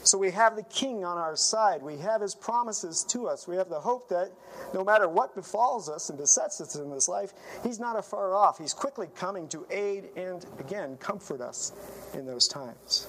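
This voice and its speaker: A man's voice: high-pitched, animated, normal speed, a bit bright, a little hiss or hum, rough recording. A man preaching a sermon in an earnest, emphatic manner, often letting his phrases trail off.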